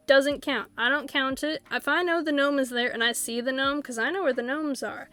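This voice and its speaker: A woman streaming a video game live, chatting casually and rambling, often laughing and acting out animated quotes. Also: high voice, fairly quick, hardly any pauses. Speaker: Twitch streamer.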